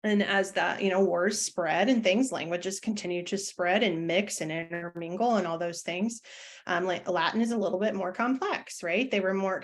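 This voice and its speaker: A woman teacher talks through a live online presentation at a middle pitch. Her delivery is loose and chatty, full of ums and restarts, and she jokes at her own expense. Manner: chatty, self-deprecating, many fillers and restarts.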